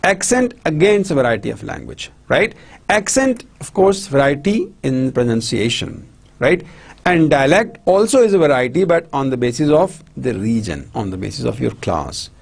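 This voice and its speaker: A man with a Pakistani English accent lectures students in a husky, gravelly voice. His pitch swings widely as he restates points and asks whether the class understands. He talks in short bursts with many restarts. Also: sing-song, moderate pace. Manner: repetitive, checks understanding often, many restarts. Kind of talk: recorded university lecture.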